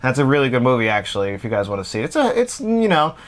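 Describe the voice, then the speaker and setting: A man's voice: mid-range voice, sing-song, very fast. A man hosting a casual podcast, enthusiastically recommending films to listeners. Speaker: podcast host, movie fan. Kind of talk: casual chat.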